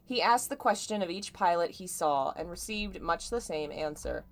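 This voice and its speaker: A woman's voice: lowish voice, animated, normal speed. A woman streaming a live reading of fan fiction, amused, often breaking off with laughter and side comments. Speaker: fanfiction reader.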